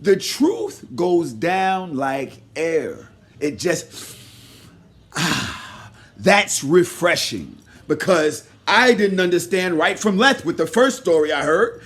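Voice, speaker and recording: A high-pitched man rants through his commentary, hot and mocking, full of curses. He jumps from loud shouted bursts to low grumbling asides and back again. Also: animated, slow pace. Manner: heated, mocking and profane. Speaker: commentary vlogger. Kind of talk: ranting commentary.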